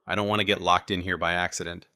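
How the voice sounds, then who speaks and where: A wary, practical young man, voiced by a male audiobook narrator, brisk and plain-spoken. Low voice with a bright, forceful edge. Dry and close. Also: level tone, no room sound.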